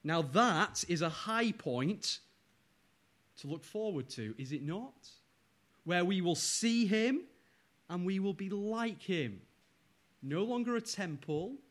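A male pastor preaching a sermon, speaking in slow, emphatic phrases and often asking the congregation rhetorical questions. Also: a little high.

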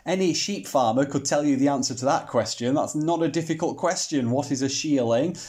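A man's voice: fairly high pitch, brisk, darkish tone. A man giving a Bible teaching talk, asking rhetorical questions and using mildly sarcastic humor.

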